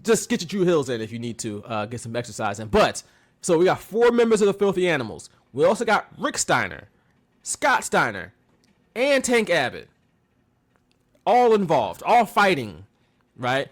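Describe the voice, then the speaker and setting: A man co-hosting a podcast, recapping in casual chat with animated storytelling and mocking quotes. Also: on the high side, normal speed. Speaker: podcast co-host.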